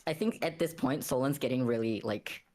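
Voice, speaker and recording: A man's voice: medium pitch, a little fast, darkish tone. Hesitant man playing a tabletop game. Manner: hesitant, full of ums and likes. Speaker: player.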